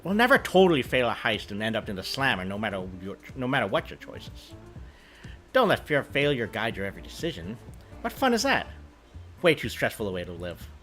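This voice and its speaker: A man's voice: medium pitch, wildly swooping pitch, fairly quick, a bit bright, faint music behind. A man voicing a confident woman supervillain thief in a video game, breezy and reassuring as she plots.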